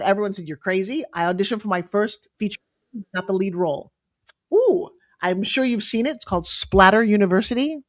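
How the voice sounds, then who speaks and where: A woman in her fifties telling her story as a guest, lively and confiding, acting out quotes and dropping into whispers. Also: mid-range voice, a little fast. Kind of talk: animated storytelling chat.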